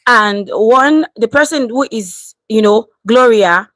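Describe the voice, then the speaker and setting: A Nigerian woman in her thirties hosts a casual live stream, reading and answering viewer comments. Her voice sits a little high and sounds close and dry. She is lively, switching easily between English and Pidgin. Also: slow, dry recording, poor audio.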